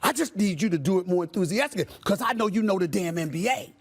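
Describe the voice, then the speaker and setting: A man who is a sports TV commentator, ranting loudly and theatrically in a heated studio debate. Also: high-pitched, lively intonation, fast, slight background noise.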